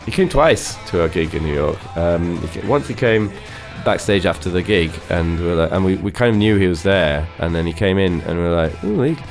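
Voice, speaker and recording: Deep-voiced man recalling a story haltingly. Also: soft background music. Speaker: band member. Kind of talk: interview anecdote.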